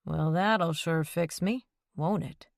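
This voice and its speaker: Woman narrating as a steady, plain-spoken widower, low-pitched, calm and terse, firm under pressure, in a dry close recording. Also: slow pace, vocal fry, no room sound. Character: quiet, steady widowed man, stubborn when pushed.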